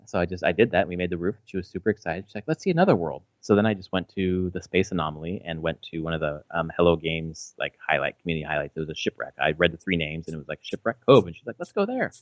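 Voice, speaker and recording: A man's voice: sits low, fairly even intonation, fast, hardly any pauses, dry recording. A man in his thirties chatting casually as a podcast co-host, rambling with lots of fillers and restarts and swearing freely. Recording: slightly dull, dry audio.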